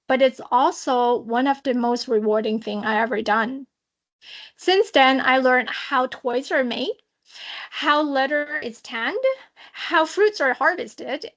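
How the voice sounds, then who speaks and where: A woman with a high, bright-sitting voice tells a work story as a social compliance auditor. She speaks on a video call webinar, with a lively, dramatic storytelling manner and playful asides. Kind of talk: prepared talk telling a work story. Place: online webinar.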